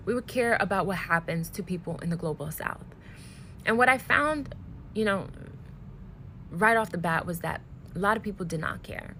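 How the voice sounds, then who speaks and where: A woman speaking earnestly and deliberately to camera, emotionally worn out. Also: on the low side, fairly bright tone, slight background noise, low-quality recording. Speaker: social media creator. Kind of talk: direct-to-camera commentary video.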